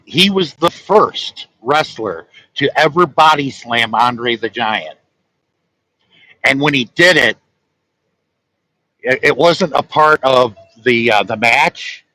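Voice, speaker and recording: Man, truck-driving vlogger, rambling casual storytelling, chuckles at his own tales, bright forward tone. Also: mid-range voice, no room sound, low-quality recording.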